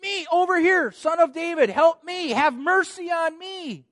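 A man voicing a desperate blind beggar man who pleads loudly for mercy over a crowd. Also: extremely high pitch, a little slow, dry recording, studio quality, pitched above the performer's own voice.

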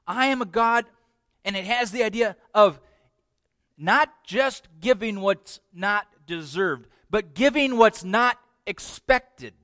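Guy preaching, animated, kinda high voice, dry close sound. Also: slow pace, dry recording. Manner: animated, asks the congregation questions. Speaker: pastor. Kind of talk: sermon.

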